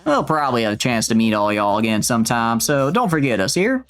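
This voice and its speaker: Streamer putting on a brash young country woman, Southern drawl, mocking twang, mid-pitched voice. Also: big pitch swings, fairly quick, soft background music, close to an everyday voice. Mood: cocky drawl. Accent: put-on Southern US drawl.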